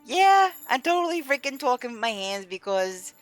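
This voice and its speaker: A woman's voice: high voice, big pitch swings, normal speed, no room sound, soft background music. A woman live-streaming a game, chatting casually with her viewers and openly voicing her frustration.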